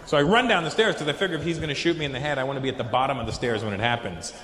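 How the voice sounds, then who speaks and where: A man doing stand-up comedy on a large arena stage, telling a story with lively acted-out dialogue and frequent swearing. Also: mid-range voice, racing. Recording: echoey arena recording.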